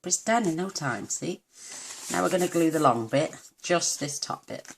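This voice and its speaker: A woman's voice: deep voice, lively intonation, moderate pace, creaky, a little hiss or hum. A woman giving a chatty, homely papercraft tutorial at her craft table, full of self-deprecating asides. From United Kingdom. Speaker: papercraft demonstrator.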